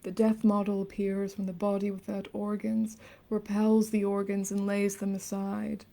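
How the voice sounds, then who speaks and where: Mellow young woman reading theory aloud. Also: mid-range voice, completely flat delivery, normal speed, creaky. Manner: soft and earnest, slipping into hushed, casual asides. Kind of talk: late-night reading of theory.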